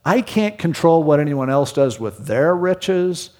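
His pitch is fairly high and sing-song, his pace measured, his tone a little mellow. The pastor works through Scripture in an expository sermon, talking conversationally and frequently asking rhetorical questions, all within a long hall reverb.

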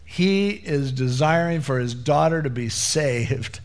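A man preaching a conversational sermon in a casual, animated way, acting out the people in the story. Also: on the high side, slow pace. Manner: casual, animated, acts out quotes.

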